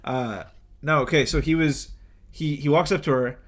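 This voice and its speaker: A man's voice: fairly high pitch, normal speed. A young man co-hosting a podcast, telling a celebrity story in casual chat with lots of fillers and acted-out quotes. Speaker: podcast co-host.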